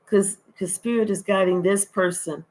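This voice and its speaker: A woman's voice: steady tone, moderate pace, background noise. Profane, emphatic woman giving a spiritual reading. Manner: emphatic, profane, repetitive, rising to high exasperated outbursts. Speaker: spiritual card reader. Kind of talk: intuitive reading monologue to viewers.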